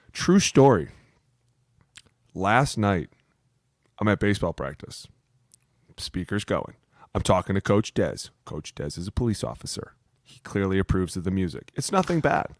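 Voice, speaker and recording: A man co-hosting a football podcast, telling stories in a profane, animated way. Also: fairly low pitch, no echo, studio quality. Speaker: podcast co-host, former NFL lineman. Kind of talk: casual chat.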